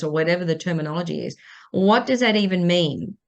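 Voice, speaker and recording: A woman lawyer in midlife explains a legal matter on a podcast in a slightly low voice. She talks emphatically and circles back to stress each point again. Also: a little fast, creaky. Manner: emphatic, repeats key points. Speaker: property lawyer. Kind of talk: podcast legal advice chat.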